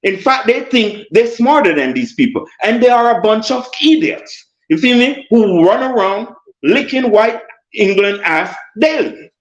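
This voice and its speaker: A man's voice: high voice, lively intonation, unhurried. A Jamaican man arguing insistently in a heated debate, repeating himself and talking over others. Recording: roomy, dull lo-fi sound.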